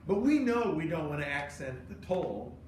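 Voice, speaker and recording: A man teaching conducting to a class, animated and joking, counting beats and singing lines to demonstrate in a cold rehearsal room. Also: fairly high pitch, normal speed. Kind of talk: classroom instruction. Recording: echoey room, mic far off, noisy.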